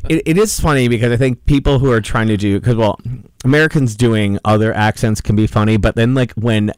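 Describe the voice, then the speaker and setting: A man's voice: fairly low pitch, brisk, darkish tone, clean tone, no echo. A man in his forties co-hosting a radio show, talking casually and rambling with many restarts. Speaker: radio co-host. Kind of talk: casual on-air chat. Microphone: studio mic.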